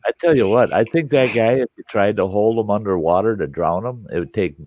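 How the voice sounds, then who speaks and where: A man's voice: fairly low pitch, brisk, a little mellow, no room sound. A man in casual chat, teasing and telling jokes. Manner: teasing, joking. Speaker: livestream participant. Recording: dry dull lo-fi audio.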